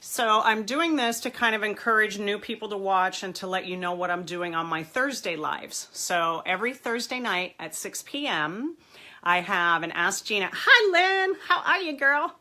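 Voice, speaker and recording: A woman's voice: medium pitch, moderate pace, pushed and bright. A woman therapist with a stuffy nose and a nasal voice, chatting casually and encouragingly to viewers in a live video. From Southern California. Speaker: marriage and family therapist.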